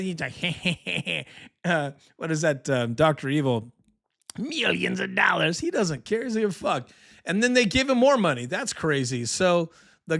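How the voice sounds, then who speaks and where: A man hosting a casual live election podcast, rambling and sarcastic, tired from little sleep but excited. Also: sits high. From California. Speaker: political podcast host.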